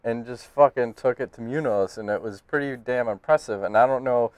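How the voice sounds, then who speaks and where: A man's voice: mid-range voice, a little fast, clean tone, dry recording. A man co-hosting a casual podcast, talking bluntly with lots of swearing and laughing banter. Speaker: podcast host.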